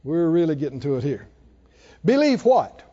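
Emphatic preacher in a reverberant hall. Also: male voice, fairly high pitch, very animated, normal speed, mellow. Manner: emphatic, repeats and stresses words, rises and drops sharply. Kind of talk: sermon. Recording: dull lo-fi recording in a reverberant hall.

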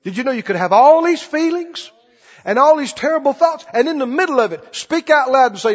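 A man preaching a sermon emphatically, his voice rising to loud declarations and dropping low again. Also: expressive, brisk. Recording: dull recording in a large reverberant hall.

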